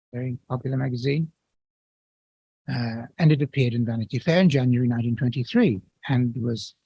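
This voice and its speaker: A man giving an academic lecture in a measured, explanatory way, with occasional restarts. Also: medium pitch, dark tone, slightly rough, lo-fi sound.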